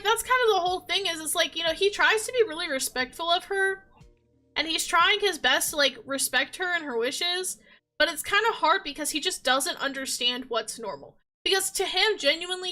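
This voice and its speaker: High, bright young woman chatting animatedly. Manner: animated, emotional, laughs often. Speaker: video creator. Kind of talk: casual chat.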